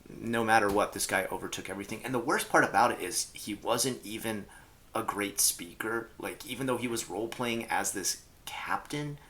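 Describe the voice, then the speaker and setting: A man's voice: fairly low pitch, moderate pace. A man casually telling gaming stories, rambling with lots of fillers and acting out people he quotes. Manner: rambling, filler-heavy, animated quoting. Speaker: role-playing game commentator. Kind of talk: casual storytelling to camera.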